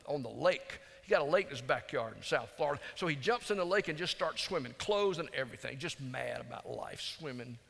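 Gravelly man preaching in a hall. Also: a little high. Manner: folksy, conversational, drops to hushed tones for emphasis. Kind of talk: storytelling sermon. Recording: long hall reverb.

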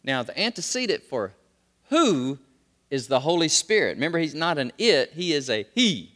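Animated preacher in a reverberant hall. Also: male voice, moderate pace. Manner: animated preaching, swinging from loud high exclamations to low quiet emphasis. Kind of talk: sermon.

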